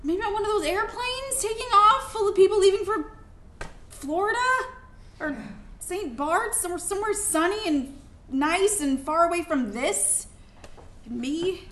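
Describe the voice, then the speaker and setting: Lady doing a fed-up pregnant wife, sharp and pleading, faint hiss, roomy live hall. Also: very high voice, measured pace. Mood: wry. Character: frustrated pregnant young wife. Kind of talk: live staged play reading.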